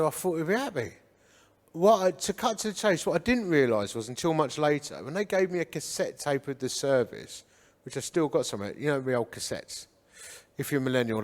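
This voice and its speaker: A man in his fifties from England, telling his life story at a church, acting out the voices of people he met. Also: mid-range voice. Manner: animated storyteller who acts out what people said. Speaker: guest speaker giving his life story. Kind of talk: church testimony talk. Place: church hall with an audience. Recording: reverberant church hall.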